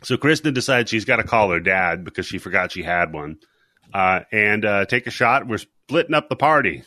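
Bright lively man recapping a horror movie. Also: lowish voice, no echo, studio quality. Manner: laughing often, acting out scenes in quick voices. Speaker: podcast co-host recapping a movie. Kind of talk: casual comedic chat.

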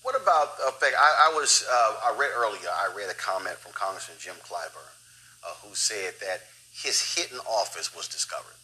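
Emphatic male talk show host, bright voice. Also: fairly low pitch, lively intonation, moderate pace, poor audio. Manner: emphatic, exclamatory questions. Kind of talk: news talk show interview.

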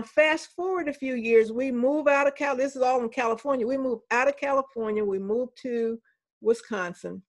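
A woman's voice: fairly high pitch, gravelly. An older woman, a professor, telling anecdotes in a conversational interview and voicing the people she quotes.

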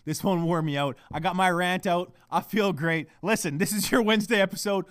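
In a high-pitched, brisk voice with a fairly bright tone, a podcast host rants on his own show, cursing nonstop. He records at home on a laptop mic, and the sound is clean studio quality with no echo.

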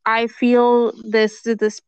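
A woman's voice: fairly high pitch, little pitch movement, drawn-out words, smooth, no room sound, highs cut off. A woman chatting as a podcast co-host over a speakerphone call, easygoing and musing, laughing often. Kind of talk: casual fan chat.

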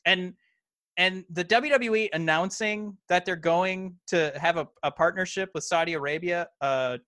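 Man, podcast co-host, bright tone, hesitant, dry close sound. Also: high voice, measured pace, no echo. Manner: hesitant, many fillers and restarts. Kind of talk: casual wrestling podcast chat.

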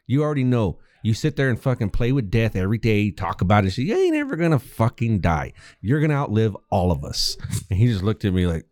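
Lively, low-voiced profane storyteller man. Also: brisk, no echo. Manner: profane, animated storyteller, laughs often. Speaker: podcast co-host. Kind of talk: casual chat, storytelling.

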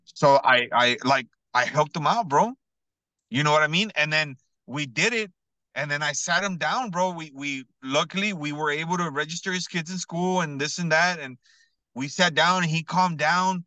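A man tells a heartfelt story in loose, slangy podcast chat, dropping "bro" and "you know what I mean" constantly. His voice sits fairly high and bright with a forward edge. The sound is dry and close, with no room around it. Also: normal speed, no room sound, rough recording. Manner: earnest, builds to excited emphasis. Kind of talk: casual storytelling.

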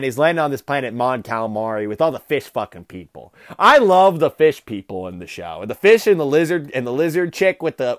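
A man's voice: a little high, dry recording, clean studio sound. A man hosting a podcast, ranting through a casual comedic review with a profane, rambling delivery. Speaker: podcast host.

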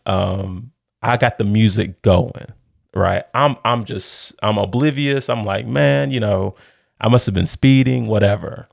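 A middle-aged man telling a personal story in a casual chat, animated and laughing often. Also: on the low side, a little slow, vocal fry, no room sound, studio quality.

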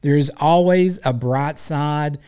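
A man's voice: on the high side, slow pace, smooth. A man hosting a solo sports podcast, rambling in a folksy, playful way. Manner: rambling, folksy and playful, warmly effusive sign-off. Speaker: podcast host. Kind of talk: casual solo podcast monologue.

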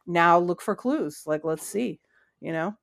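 A woman's voice: fairly low pitch, lively intonation, unhurried, creaky. A woman comic book writer talking animatedly through her ideas in a podcast interview, full of asides. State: has the hiccups.

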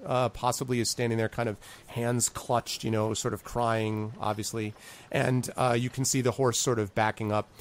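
Low-voiced male game master. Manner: rambling, hesitant, many fillers. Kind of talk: narrating a tabletop game.

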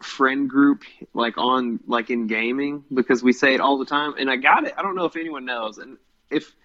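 A man's voice: medium pitch, moderate pace, a bit bright. A man chatting casually as a co-host, rambling with lots of fillers. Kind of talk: casual chat. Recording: slightly muffled lo-fi sound.

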